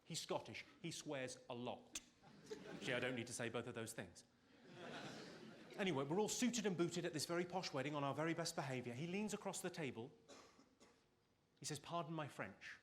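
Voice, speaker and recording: A man doing stand-up comedy on stage with deadpan one-liners and sharp timing. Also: a little high, normal speed, pauses often, noisy background. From Britain. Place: stage before a live audience. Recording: loud audience laughter over live show.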